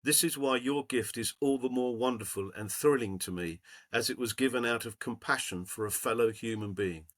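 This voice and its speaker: A man's voice: medium pitch, moderate pace, few pauses. A man in casual chat, reading a letter aloud to friends and building playfully to a punchline.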